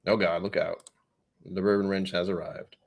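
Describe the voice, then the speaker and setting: A man's voice: low-pitched, flat delivery, moderate pace, vocal fry. A man with a New England accent hosting a whiskey live stream, chatting, easily distracted and joking at his own expense. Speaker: whiskey channel host.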